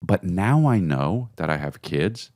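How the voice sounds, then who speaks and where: A man, telling a rambling comedic story on his podcast. His voice is very deep, yet it leaps around with big, lively jumps. He swears freely, keeps calling the listener "dude," and breaks into high-pitched bursts as he acts out bits of the story, all recorded close and dry. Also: measured pace, no echo. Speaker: podcast host. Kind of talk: casual comedic monologue.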